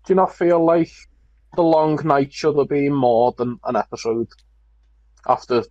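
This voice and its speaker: A man's voice: on the high side, unhurried, darkish tone, dry recording. A man co-hosting a casual podcast chat, insistent and repeating himself. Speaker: podcast co-host. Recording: dull lo-fi sound.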